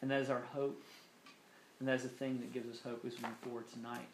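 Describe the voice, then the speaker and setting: A man preaching a sermon, earnest, with slow emphatic phrasing that drops softly into prayer. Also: medium pitch, little pitch movement, slight background noise. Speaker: pastor. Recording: echoey room.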